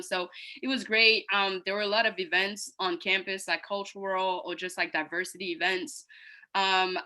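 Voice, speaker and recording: Bright-voiced woman, non-native English speaker. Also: medium pitch, poor audio. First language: not English. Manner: soft-spoken, hesitant, many fillers. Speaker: panelist, college alum. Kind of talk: casual personal account. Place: video call.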